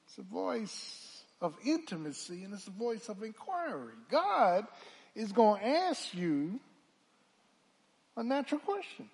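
A man pastor a sermon, swinging from hushed talk to loud calls and asking the congregation to answer back. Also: sits high, very animated, a little slow, husky. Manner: preaching with call-and-response, swelling from hushed to loud.

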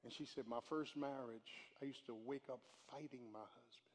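An older man, a pastor, preaching a live sermon, dropping to hushed storytelling and then rising to loud shouts. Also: mid-range voice, fairly even intonation, moderate pace. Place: church sanctuary. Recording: live church hall with long reverb.

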